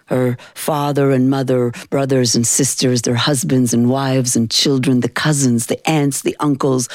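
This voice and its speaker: A woman storyteller speaks in a low, rich voice. Her telling is intimate and rhythmic, full of feeling. The sound is dry and close. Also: steady tone, measured pace, hardly any pauses, darkish tone, dry recording. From Israel. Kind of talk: spoken storytelling performance.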